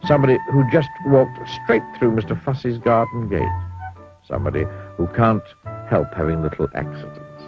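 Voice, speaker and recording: A man narrating a children's cartoon story in a gently wry storytelling manner. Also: fairly low pitch, wildly swooping pitch, normal speed, over music. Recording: dull lo-fi old cartoon audio.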